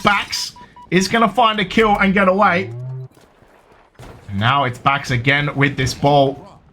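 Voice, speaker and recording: Southern English male caster, excitable play-by-play, slightly high pitch, bright tone. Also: slight background noise. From southern England. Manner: rapid excitable play-by-play, jokey. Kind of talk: live esports commentary.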